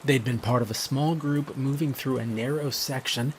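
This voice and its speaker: A man telling a first-person horror story in a measured, grave scripted narration. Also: mid-range voice, steady tone, a little hiss or hum.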